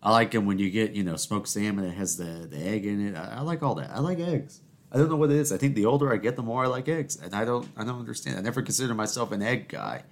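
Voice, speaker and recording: A man hosts a solo podcast in a fairly low voice. He rambles through stories and talks back to himself in the second person. His speech is full of stammered restarts. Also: expressive, fast. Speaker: podcast host.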